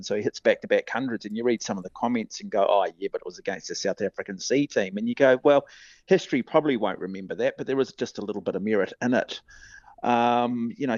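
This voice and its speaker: A man's voice: on the low side, darkish tone, no echo. A middle-aged man with a New Zealand accent, a sports commentator giving earnest, rambling opinions with lots of fillers. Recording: dull, dry sound.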